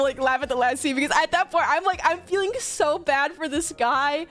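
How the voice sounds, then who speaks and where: A woman in her twenties chatting casually on a livestream, gushing and chatty, full of fillers and quick laughs. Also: high voice, fairly bright tone, faint music behind. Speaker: streamer.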